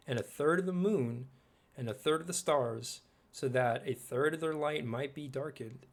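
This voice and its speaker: Rambling male host, casual and chatty, keeps quizzing the listener, swears offhand, mid-pitched. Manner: rambling, asks the viewer questions, swears casually. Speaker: video host.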